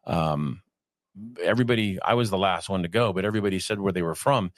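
A man in his fifties from California, reading a text aloud and breaking off into halting, conversational asides. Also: low-pitched, dry recording, clean studio sound. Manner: reads evenly, then digresses in a halting conversational way. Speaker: reader and commentator.

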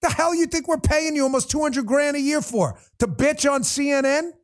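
A man with an extremely high-pitched voice hosts a political commentary livestream at a moderate pace. He rants bluntly and profanely and speaks directly to the viewers in the chat.

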